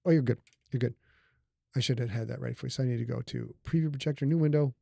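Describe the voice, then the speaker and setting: A man's voice: mid-range voice, fast talker, gravelly, mellow, no echo, studio quality. A middle-aged man hosting a casual livestream, talking loosely and joking with his audience. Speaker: livestream host and author. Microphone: studio microphone.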